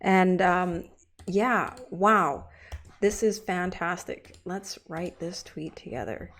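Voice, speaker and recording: A woman's voice: on the low side, slow, fairly bright tone. A woman hosting a casual livestream, bubbly and gushing, talking straight to her chat viewers. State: getting teary-eyed. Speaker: livestream host.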